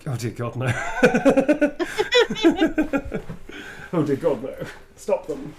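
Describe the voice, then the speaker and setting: A man's voice: medium pitch, moderate pace, crowd noise. A man signing autographs on a livestream, chatting playfully and putting on sultry readings of quoted lines. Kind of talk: casual livestream chat.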